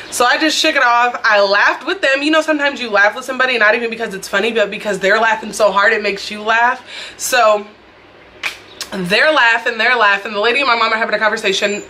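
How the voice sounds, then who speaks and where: Young woman vlogging on her phone, bright voice, chatty storytime, talks right to her viewers. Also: on the high side, slight background noise. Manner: lively storyteller, chatty and expressive, addresses viewers directly. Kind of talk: casual storytime vlog. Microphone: phone camera.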